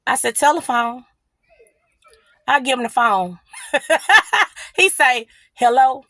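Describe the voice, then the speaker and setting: A woman's voice: sits high, slow pace, no echo. A young woman casually telling a personal story, blunt and profane, acting out both sides of an argument. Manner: blunt, profane, animated retelling.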